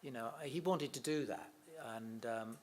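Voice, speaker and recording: A man's voice: medium pitch, measured pace, slight background noise. A middle-aged man chatting casually in an interview, telling family anecdotes and laughing easily. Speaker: interview guest, son of a comedian.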